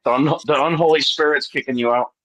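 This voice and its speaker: A man's voice: on the high side, fast talker, over a noisy crowd, low-quality recording. A man hosting a casual group chat on a video call, joking crudely and laughing often. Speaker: livestream host.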